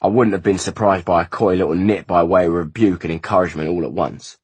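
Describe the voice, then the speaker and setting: A man voicing a gruff, grudging male servant who speaks stolidly and heavily, with emphasis. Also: low-pitched, fairly even intonation, quick pace, no room sound.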